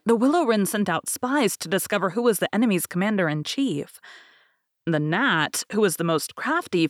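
A woman reading a fairy tale aloud in a measured, expressive storybook manner. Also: mid-range voice, no echo, studio quality. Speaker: podcast host and reader. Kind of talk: storybook narration.

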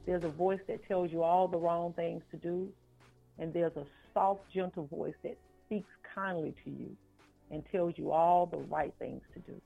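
A woman, an author and life coach, telling a personal story in a podcast interview, slow and earnest, repeating phrases for weight. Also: on the low side, fairly even intonation, creaky, warm tone. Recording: phone-like line with faint music.

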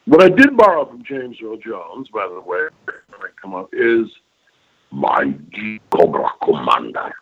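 A man's voice: medium pitch, wildly swooping pitch, moderate pace. An older man, a voice actor guest, telling rambling, emphatic stories in an interview and often checking in with his listener. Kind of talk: reminiscing interview talk. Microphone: phone call. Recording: phone line, lo-fi.

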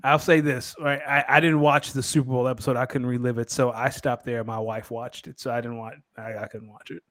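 A man's voice: medium pitch, little pitch movement, a little fast, a bit bright, no echo. A man co-hosts a sports podcast, laid-back and teasing in casual chat. His voice is recorded close and dry, with no room sound. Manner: laid-back, teasing, imitates people for laughs. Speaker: podcast co-host.

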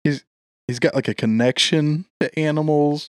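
A man's voice: a little high, normal speed, smooth, dry recording, studio quality. A man in casual podcast chat, jokey and sarcastic. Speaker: podcast co-host.

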